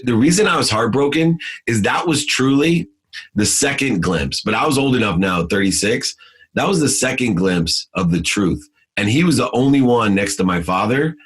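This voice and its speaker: A man's voice: lowish voice, husky. A middle-aged man, a podcast guest, telling personal stories in earnest with many "uh" fillers. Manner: earnest, many "uh" fillers, rises sharply when retelling arguments. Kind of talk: personal storytelling in an interview.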